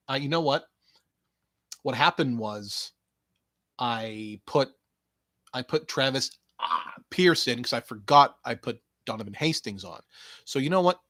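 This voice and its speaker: A man hosting a casual podcast alone, rambling and joking, swearing freely and swinging from mumbled asides to loud outbursts. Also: medium pitch, no echo, clean studio sound. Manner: joking, swearing, jumps between quiet asides and loud bursts. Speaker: podcast host.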